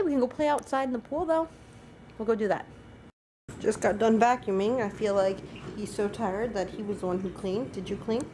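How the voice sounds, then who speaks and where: A woman's voice: medium pitch, darkish tone, a little hiss or hum. A young woman chatting through a casual daily vlog at home, rambling and talking to her dogs. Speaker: vlogger. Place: at home, indoors.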